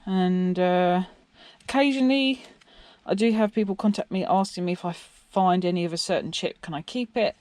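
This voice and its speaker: A woman from England who makes scrapping videos talks loosely through an electronics teardown, quizzing her viewers along the way. Her fairly low voice is a little mellow, at normal speed, with no echo.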